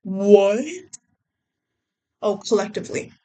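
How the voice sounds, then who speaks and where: A woman's voice: mid-range voice, flat delivery, slow pace, mellow. A young woman vlogger rambling casually, often trailing off and restarting her thoughts. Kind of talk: casual chat.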